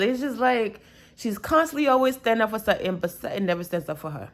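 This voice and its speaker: A woman's voice: mid-range voice, expressive, normal speed. A young woman recapping a reality show episode in a chatty, gossipy way, with sarcastic asides.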